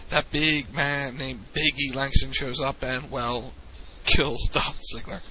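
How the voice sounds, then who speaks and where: A man hosting a casual wrestling recap podcast, relaxed and teasing, recounting matches play by play. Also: mid-range voice, takes it slowly, muffled recording, a little hiss or hum. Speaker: podcast host.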